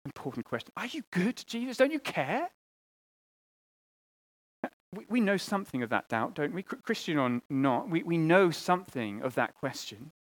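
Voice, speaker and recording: A man delivers a sermon with a voice pitched a little high. He talks earnestly, restarting phrases and repeating words, and moves between raised, emphatic appeals and soft, hushed asides. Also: big pitch swings. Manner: earnest, with pauses and repeated words, rising and falling between loud and quiet. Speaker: preacher.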